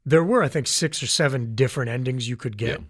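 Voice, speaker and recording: A man's voice: medium pitch, fast, dry recording, clean studio sound. A man, a voice actor, chatting as an interview guest, enthusiastic and often restarting his sentences. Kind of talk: casual interview chat.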